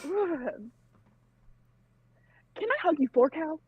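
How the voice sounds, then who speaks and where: Playful woman player with a very high voice. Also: lively intonation, a little mellow. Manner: playful and quick to joke. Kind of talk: casual chat at the game table.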